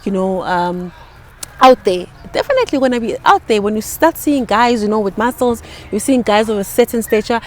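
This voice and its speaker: A woman co-hosting a casual talk show, calmly explaining her view with frequent affirming murmurs. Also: a little high, fairly quick, slight background noise. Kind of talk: casual podcast chat.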